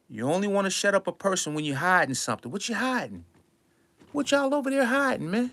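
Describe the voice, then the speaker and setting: Older man, emphatic slangy monologue, repeats himself, high voice, very lively. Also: normal speed, no echo, clean studio sound. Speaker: music producer talking to his audience. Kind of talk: passionate monologue.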